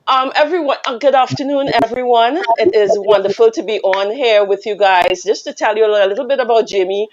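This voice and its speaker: A Trinidadian woman guest telling a teasing, animated story with frequent laughter. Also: on the high side, a little fast, hardly any pauses, lo-fi sound. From Trinidad and Tobago. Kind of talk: casual storytelling on a radio call-in.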